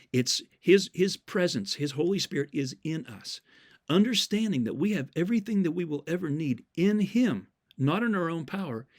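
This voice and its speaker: A Christian speaker with a fairly high, slightly mellow voice gives an earnest, sermon-style talk. He tells stories, quotes scripture verses from memory, and repeats key words for emphasis.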